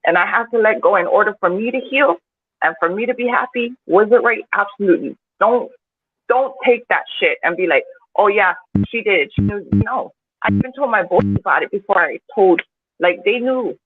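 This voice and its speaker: A woman's voice: mid-range voice, expressive, moderate pace. A woman guest in a podcast discussion, speaking with raw emotion and heavy swearing. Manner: impassioned, profane, rising in intensity. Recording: tinny phone-like call with faint hiss.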